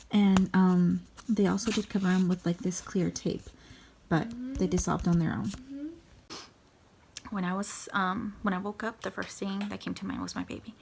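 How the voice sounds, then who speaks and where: A young woman with a gravelly, creaky edge sits and recounts her own story in a casual vlog, sometimes sinking into a soft whisper. Steady background noise runs under the whole recording. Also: mid-range voice. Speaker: vlogger. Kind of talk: personal storytime.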